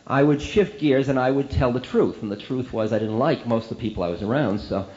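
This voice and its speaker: A spiritual teacher telling a story to an audience in a candid, self-mocking, animated way. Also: male voice, mid-range voice, brisk. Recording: roomy, dull lo-fi recording.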